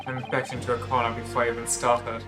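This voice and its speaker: A man's voice: mid-range voice, monotone, quick pace, music in the background. A man streaming a video game, making casual joking asides between reading dialogue. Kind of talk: casual gameplay commentary.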